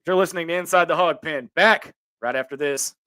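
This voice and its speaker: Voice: mid-range voice, a little fast, heavy background noise. A sports talk show host giving blunt opinions, tripping over restarts when worked up.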